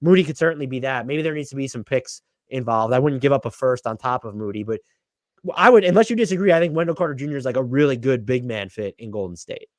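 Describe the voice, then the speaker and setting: A man's voice: mid-range voice, expressive, fast, no room sound, studio quality. A young man co-hosting a casual podcast, giving strong opinions and thinking aloud. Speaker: podcast co-host. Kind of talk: casual basketball podcast chat.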